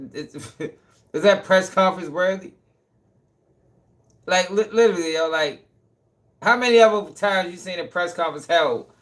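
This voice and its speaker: Young male stream host, slightly high voice, heated and profane, loops his points, laughs between them. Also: fairly bright tone. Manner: heated, cursing, repeats himself, laughs. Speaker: channel host. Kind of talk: casual live stream rant.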